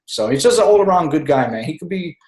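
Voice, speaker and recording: Excited, rambling man on an echoey call. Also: on the high side, quick pace. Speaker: team member speaking on a group call. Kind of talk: casual chat on a conference call.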